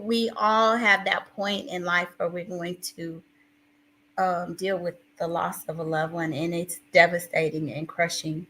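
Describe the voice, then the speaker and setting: A woman hosting a casual live stream, with a bright, forward voice. She talks with open emotion and rambles through restarts, and she reads her viewers' chat aloud as she goes. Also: on the low side, fairly even intonation, unhurried, rough recording. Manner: emotional, self-described crier, rambling restarts.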